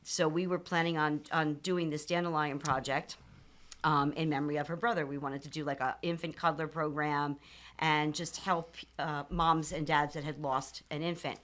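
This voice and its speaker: A nonprofit founder in her fifties, appearing as a podcast guest, shares a personal story candidly and earnestly. Her low, slightly bright voice keeps fairly even intonation, and she pauses on ums and restarts sentences as she goes.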